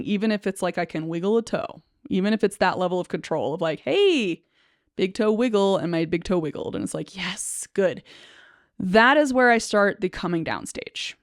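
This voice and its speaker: A woman speaking as a speech-language pathologist, explaining a personal experience to camera in a reflective, halting way, with frequent fillers, restarts and soft nervous laughter. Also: mid-range voice, dry recording, clean studio sound.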